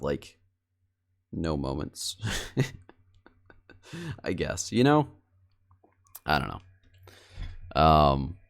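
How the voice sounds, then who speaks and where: A man's voice: extremely low pitch, gravelly. A male streamer editing video live, chatting casually and self-deprecatingly with his viewers. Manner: rambling and self-deprecating, talks straight to chat.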